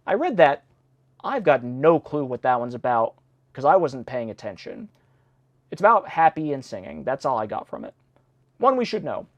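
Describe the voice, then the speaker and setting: A man's voice: medium pitch, big pitch swings, normal speed, dry recording, highs cut off. A man hosting a read-along, reading old nursery rhymes aloud and breaking off with chatty, self-deprecating asides. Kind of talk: casual read-along with commentary.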